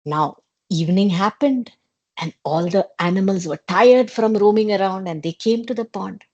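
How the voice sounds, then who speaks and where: A woman with an Indian accent, an educator telling a children's story in a playful, expressive way over a video call. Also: medium pitch, moderate pace, lo-fi sound. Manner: expressive, playful, with emphatic repetition.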